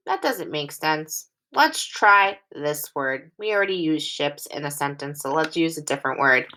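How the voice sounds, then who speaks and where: A young woman teaching a recorded phonics lesson to small children. Her bright voice moves up and down a lot as she reads each sentence slowly and carefully, phrase by phrase. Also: fairly low pitch. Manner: slow, clearly enunciated reading, sentences read aloud in phrases.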